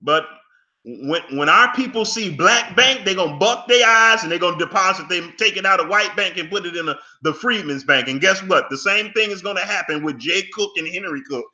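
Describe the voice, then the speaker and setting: A man's voice: high voice, brisk, pushed and bright. A man giving fervent commentary, preachy and emphatic, scolding and pleading with his audience in folksy phrases. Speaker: commentator reacting to an interview clip.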